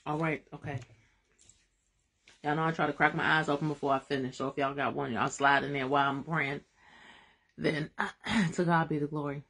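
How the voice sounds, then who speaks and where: A woman hosting a live-streamed Bible study, excitable and emphatic in a folksy way, drifting into soft prayer. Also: deep voice, moderate pace, long pauses, slightly rough.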